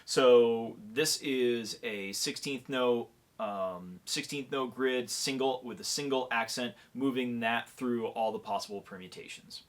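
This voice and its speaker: A man's voice: medium pitch, unhurried, hardly any pauses. A man giving a percussion lesson who counts beats aloud and keeps checking in with the listener. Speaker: percussion clinician. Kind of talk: instructional demonstration.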